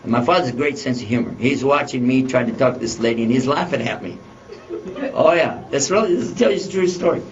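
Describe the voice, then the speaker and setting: A man's voice: medium pitch, expressive, fast talker. Man telling a funny story, lo-fi. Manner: chuckles often while telling the story. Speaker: Islamic speaker answering questions. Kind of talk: humorous personal storytelling. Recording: dull lo-fi recording with faint noise.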